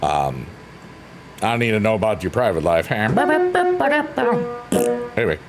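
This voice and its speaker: A man's voice: low voice, expressive, moderate pace. Playful rambling man on a livestream. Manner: playful, silly, rambling, reads chat aloud. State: drained. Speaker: livestream host. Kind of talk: casual chat with live chat readers. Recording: faint piano music underneath.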